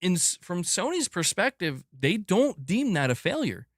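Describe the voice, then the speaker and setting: A man hosting a gaming news livestream, ranting emphatically with lots of swearing, swinging from loud bursts to muttered asides. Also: high voice, very animated, normal speed, dry recording, clean studio sound. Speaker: gaming news channel host. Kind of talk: livestream commentary rant.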